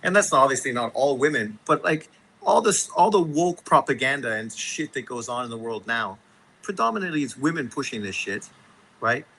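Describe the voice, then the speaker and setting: Male live-stream host, mid-pitched, forceful bright voice, swearing his way through a casual rant. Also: lively intonation, normal speed, poor audio. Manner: profane, exasperated ranting. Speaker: boxing show host.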